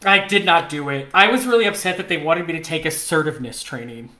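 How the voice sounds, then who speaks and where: A man co-hosting a podcast, telling a story in a casual, animated way, laughing often and mimicking the people in it. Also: a little high, fast. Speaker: podcast co-host. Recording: roomy echo.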